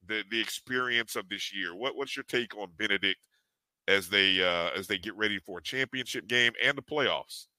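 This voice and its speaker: A man's voice: lowish voice, sharp tone, clean tone, no echo, poor audio. A middle-aged man co-hosting a sports podcast, easygoing, with stammering restarts. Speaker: podcast co-host.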